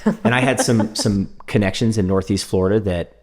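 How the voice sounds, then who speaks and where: A man with a fairly low voice, chatting casually as a podcast host. He tells stories with energy and laughs often. He sounds middle-aged and speaks from a podcast studio. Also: brisk, creaky. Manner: animated storyteller, laughs often. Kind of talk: casual conversational interview.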